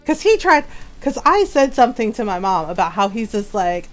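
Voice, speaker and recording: A woman streamer telling family stories in a casual, animated way, laughing often and quoting relatives. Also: medium pitch, normal speed, faint music behind. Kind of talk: casual storytelling while gaming.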